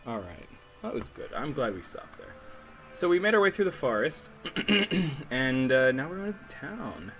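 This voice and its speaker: A man's voice: on the high side, big pitch swings, measured pace, a bit bright, low-quality recording. A man commenting casually on a story game he is playing, rambling and trailing off with chuckles. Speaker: game streamer. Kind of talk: let's play commentary. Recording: faint music underneath.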